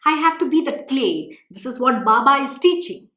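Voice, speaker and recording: Woman, spiritual teacher; fervent, emphatic reading, animated pitch, roomy echo. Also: normal speed. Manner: fervent, emphatic, repeats phrases. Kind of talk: devotional scripture reading and talk.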